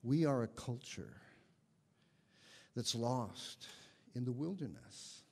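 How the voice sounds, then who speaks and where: A man preaching as a guest minister, telling a story with gentle humor. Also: medium pitch, lively intonation, takes it slowly, husky, in a large hall. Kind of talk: sermon. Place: congregation sanctuary.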